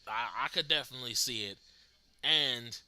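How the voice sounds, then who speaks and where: A man with a medium-pitched, clean-toned voice talks at a normal speed while hosting a live stream reacting to wrestling. He is animated, chats casually with viewers, and laughs often.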